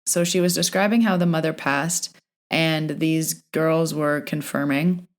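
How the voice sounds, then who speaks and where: A woman's voice: low-pitched, fairly even intonation, a little slow. A woman hosting her own podcast as a medium, telling stories in a chatty, casual way and often retelling exchanges with "like".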